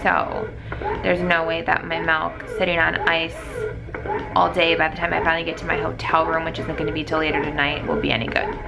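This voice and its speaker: A woman's voice: low voice, level tone, brisk, low-quality recording. A woman in her thirties talking candidly to a handheld phone camera in a chatty vlog, with lots of "like". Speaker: vlogger. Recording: clear background noise.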